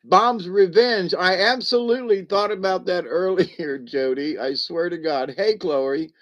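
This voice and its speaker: A man's voice: high-pitched, a little slow. A man in his seventies hosting a casual livestream, chuckling often and rambling with restarts as he reads the chat. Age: 70s. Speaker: livestream host reading chat.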